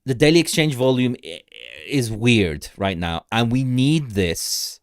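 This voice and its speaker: A man's voice: mid-range voice, animated, measured pace, dry recording, clean studio sound. A young man hosting a casual crypto livestream, rambling through charts, greeting viewers in the chat and laughing often.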